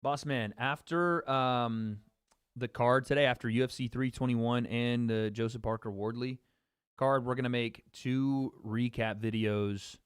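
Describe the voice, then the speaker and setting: Measured in pace and fairly even in intonation, a man speaks in a clean mid-range voice, recorded at studio quality with no room sound. He's a livestream host casually reacting to fight chat, talking straight to viewers, loose and chatty, with jokes and repetition.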